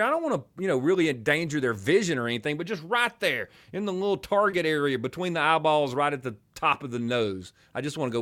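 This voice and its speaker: This middle-aged talk radio host from Alabama speaks with a twangy Southern drawl, rambling animatedly through casual banter and wandering into joking asides. His voice sits a bit high for a man, swings widely in pitch, and moves a little fast.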